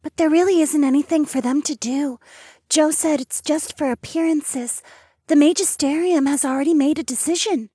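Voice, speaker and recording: A timid young woman on the edge of tears, speaking in a breathy, high, fragile voice. A male audiobook narrator puts her on. The sound is dry and close, with no room around it. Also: normal speed, mellow, no room sound. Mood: fearful.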